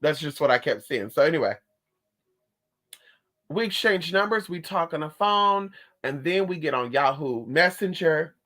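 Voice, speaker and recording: A woman's voice: low-pitched, lively intonation, normal speed, fairly bright tone. A woman telling a personal story in a sassy, dramatic way, calling her listeners honey and girl. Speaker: spiritualist vlogger. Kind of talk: casual storytelling to camera.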